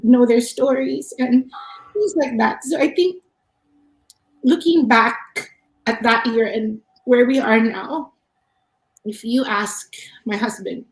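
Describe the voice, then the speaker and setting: A woman's voice: a little high, takes it slowly, long pauses. Earnest storytelling woman, echoey room. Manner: earnest, reflective, with frequent restarts. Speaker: cafe owner and podcast guest. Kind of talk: personal storytelling in a podcast interview.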